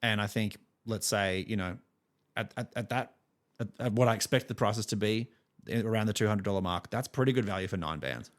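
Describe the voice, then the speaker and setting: A young man co-hosts a music podcast with dry, teasing humor. His voice is on the lower side, and his delivery is casual and unhurried. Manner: dry, teasing, laughs easily. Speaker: podcast co-host. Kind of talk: casual chat.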